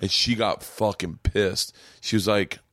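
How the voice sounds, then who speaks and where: A man's voice: fairly low pitch, steady tone, measured pace, fairly bright tone, no room sound, clean studio sound. A man hosting a podcast, telling stand-up club stories in casual, profane chat and acting out the quotes in a raised voice. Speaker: podcast host and comedian. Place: small home studio room.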